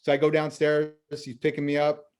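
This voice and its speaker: Brief: male financial planner guest, fairly high voice, spins stories and acts out both sides of the dialogue. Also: brisk. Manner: lively anecdotes full of quoted dialogue. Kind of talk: storytelling in a conversational interview.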